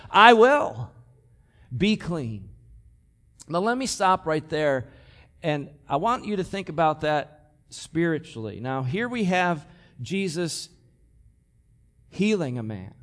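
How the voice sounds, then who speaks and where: A man preaching a sermon, moving from loud, urgent passages to hushed, slow emphasis. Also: fairly high pitch. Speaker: pastor.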